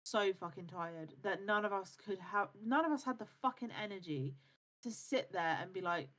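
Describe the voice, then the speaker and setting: A woman's voice: medium pitch, normal speed, a bit bright. A woman co-hosting a live stream in casual chat. She sounds tired and half asleep, and she talks bluntly with a lot of swearing. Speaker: streamer and co-host.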